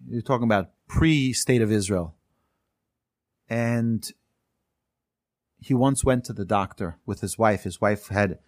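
A man teaching a class, telling stories earnestly and emphatically, often restarting his sentences and slowing down to stress key points. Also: lowish voice, a little mellow, no room sound, studio quality. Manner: slows down to stress key phrases.

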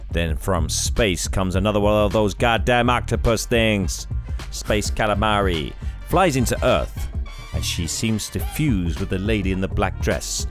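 A man hosting a comedy podcast, telling an improvised story with frequent laughs. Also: on the low side. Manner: laughs often, animated.

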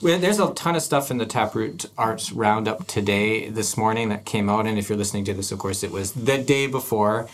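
A man's voice: on the low side, a little fast, hardly any pauses. A man hosting an arts podcast, chatting casually and thinking aloud with frequent restarts. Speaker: podcast host. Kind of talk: casual chat.

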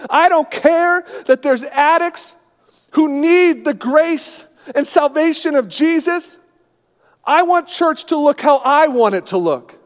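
A man voicing a stubborn, whiny three-year-old girl in a high, tearful wail, heard in a reverberant church hall. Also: lively intonation, takes it slowly, full character voice. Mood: petulant.

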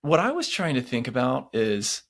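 A man, co-hosting a podcast and telling stories in animated casual chat, acting out the lines of the people in them. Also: medium pitch, moderate pace, creaky. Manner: animated storyteller who acts out quotes. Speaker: podcast co-host.

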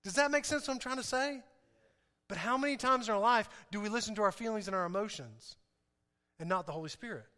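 High, bright-voiced preacher in a reverberant hall. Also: male voice, quick pace. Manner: animated, emphatic, repeats key phrases. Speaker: pastor. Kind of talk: sermon.

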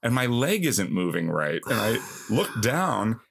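A man in his fifties, lowish and a touch gravelly, telling an old story as a guest. He mocks himself, gets animated, and fills his talk with "like" and "you know". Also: a little slow. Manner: animated, self-mocking, heavy use of filler words. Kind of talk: casual conversational storytelling.

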